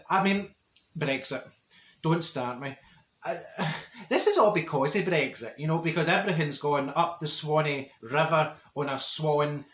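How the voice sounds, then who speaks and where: A man's voice: a little high, fairly bright tone. A man playing a chatty Glasgow auntie. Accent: Glaswegian Scottish. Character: chatty middle-aged Glasgow woman, straight-talking gossip. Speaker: comedy character monologue. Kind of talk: comic storytelling to camera. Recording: roomy echo.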